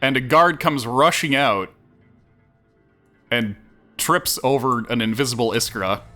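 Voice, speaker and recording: Bright-voiced male game master. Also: medium pitch, soft background music. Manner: halting, many fillers and restarts. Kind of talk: narrating a tabletop game. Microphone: headphones headset.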